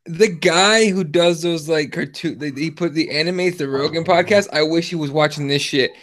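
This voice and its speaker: This podcast host, a man in his thirties, has a fairly high, slightly bright voice at normal speed. He rambles through a story in a casual way, swearing often and leaning on lots of fillers.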